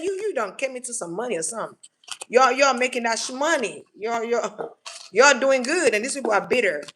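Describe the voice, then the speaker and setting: Brief: higher-voiced woman, tarot reader, blunt and profane, emphatic restarts, noisy hiss behind. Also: a bit bright. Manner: blunt, slangy, swears freely; emphatic, restarts and repeats words. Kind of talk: casual collective tarot reading.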